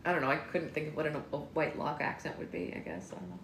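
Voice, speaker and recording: A woman's voice: sits low, fast talker, reverberant, slight background noise. A woman, the author, reading her own novel aloud on a live stream and chatting casually at home. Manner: lively, laughs easily.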